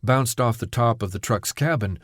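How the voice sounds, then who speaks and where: A man's voice: medium pitch, normal speed, no room sound. Male audiobook narrator, dry close sound. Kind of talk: scripted narration.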